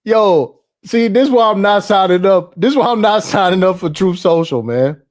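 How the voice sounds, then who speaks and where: A man's voice: sits high, lively intonation, normal speed. A man hosting casual, profane political commentary, laughing often and reacting loosely to ads and clips on his screen.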